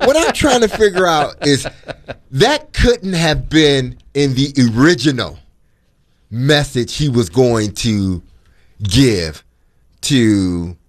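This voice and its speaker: Slow, amused male co-host. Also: mid-range voice, animated. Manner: drawn-out, amused, exclaiming. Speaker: sports talk co-host. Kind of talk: casual sports talk.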